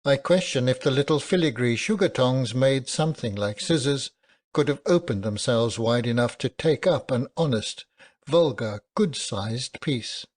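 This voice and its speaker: Guy narrating a classic novel audiobook, steady and measured, mid pitch.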